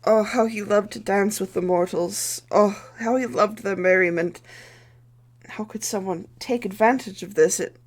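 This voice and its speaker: A woman voicing a fretful, gushing male half-elf priest who stammers and exclaims in a high, excited voice. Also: moderate pace, lightly acted. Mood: sorrowful. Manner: flustered, stammering, breathy exclamations.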